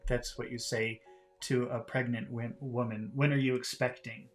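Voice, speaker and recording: A man teaching English, reading a novel aloud and explaining vocabulary in a relaxed way, with many fillers and restarts. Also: mid-range voice, moderate pace, faint music behind.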